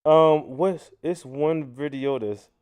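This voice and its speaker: A man's voice: a little high, slow pace, clean tone, dull audio. A man hosting a casual commentary livestream who talks to viewers directly and often restarts his sentences. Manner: animated, frequent restarts, addresses viewers as y'all. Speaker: livestream host.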